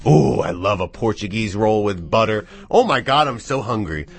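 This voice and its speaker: A man hosting a live radio show in a studio, rambling and thinking out loud into the microphone. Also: lowish voice, expressive, normal speed, faint music behind. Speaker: radio DJ and host. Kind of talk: casual live radio chat.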